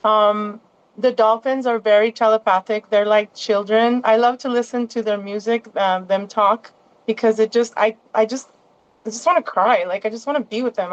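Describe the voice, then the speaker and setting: A woman's voice: mid-range voice, fairly even intonation, normal speed, smooth, highs cut off. A woman as a guest in a casual interview, rambling along with many restarts and asides.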